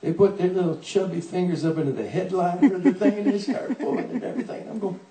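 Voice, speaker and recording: An older man, a songwriter, telling a comic story on stage in a folksy, animated way, playing out the people he quotes, to a laughing audience. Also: sits high, fast, roomy sound, recorded from a distance, crowd noise, low-quality recording.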